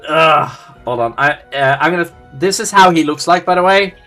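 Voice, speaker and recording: A man's voice: fairly high pitch, moderate pace, pushed and bright, faint music behind. A young man narrating as dungeon master, often stumbling over his words and correcting himself. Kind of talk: narrating a tabletop game.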